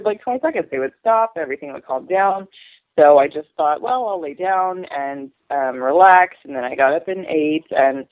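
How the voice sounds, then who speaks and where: A woman's voice: sits low, dry recording. A woman in her thirties rambles through her story with many ums. Her voice comes through a narrow, tinny phone line. It sounds dry and close. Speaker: guest sharing birth story. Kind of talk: casual podcast conversation.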